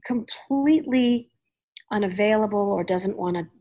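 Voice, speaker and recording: A middle-aged woman hosting a podcast, chatting in an animated way and laughing easily. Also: mid-range voice, moderate pace. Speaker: podcast host. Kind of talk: casual chat.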